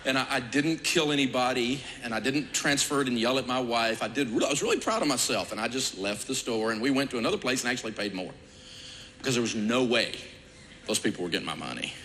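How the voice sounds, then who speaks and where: Animated man telling a story. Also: mid-range voice, fast talker. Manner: animated, stammering restarts. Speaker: speaker. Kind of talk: storytelling talk. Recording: echoey hall with background noise.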